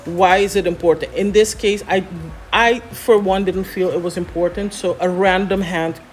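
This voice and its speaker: A woman scriptwriter explaining how to write a script in a relaxed, chatty way, often pausing on "um" and "you know". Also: on the low side, soft background music. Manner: chatty, many fillers, explains step by step. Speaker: scriptwriter guest. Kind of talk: explaining scriptwriting in a casual chat.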